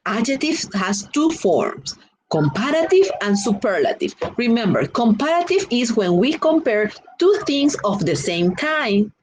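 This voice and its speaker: Slow, lively woman teaching grammar. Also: fairly high pitch, slight background noise, low-quality recording. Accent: Spanish-influenced English. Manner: slow, repeats and drills example words. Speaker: English teacher. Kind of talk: classroom grammar lesson.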